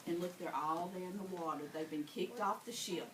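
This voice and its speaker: A woman reading a picture book aloud to children, animated and stopping to ask them questions. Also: fairly low pitch, fairly quick, few pauses. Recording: echoey room, far mic, noisy.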